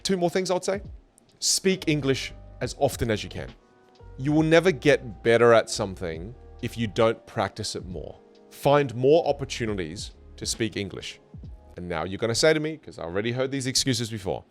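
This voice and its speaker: A man's voice: on the low side, expressive, brisk, soft background music. A man teaching communication skills in a studio, talking energetically and emphatically, with playful jumps in his voice. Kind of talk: online lesson to camera.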